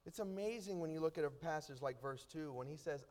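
A man preaching a sermon, reading scripture aloud slowly and then explaining it with rising emphasis. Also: fairly high pitch, darkish tone.

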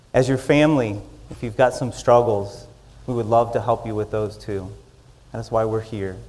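A man preaching a sermon. He swings from loud, rising lines down to soft, quiet endings. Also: medium pitch. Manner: dynamic, rising loud in the story and dropping to soft closings. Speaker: pastor.

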